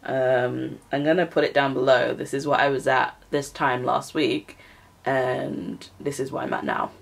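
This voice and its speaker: A woman's voice: very deep voice, steady tone, a little slow, creaky. A young woman chatting to camera at home, rambling and self-deprecating with frequent laughs. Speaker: writing vlogger. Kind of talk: casual chat to camera. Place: at home, indoors.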